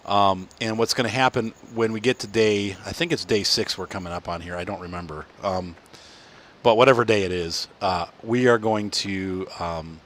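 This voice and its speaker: A tired man with a lowish, fairly bright voice hosts a casual farming game playthrough for his gaming channel. He rambles, yawns, and keeps correcting himself as he goes.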